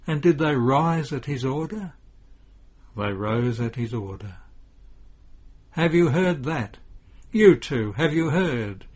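A husky-voiced man voicing a grieving mother who pleads with anguished exclamations beside her dead son. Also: medium pitch, expressive, takes it slowly, long pauses, a little mellow. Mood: pleading.

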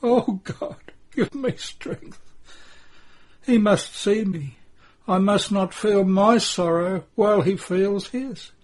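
A man voicing a grieving mother who pleads breathlessly and rises into high cries during a devotional story reading. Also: slow pace, husky. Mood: anguished. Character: grieving old mother, gentle but anguished.

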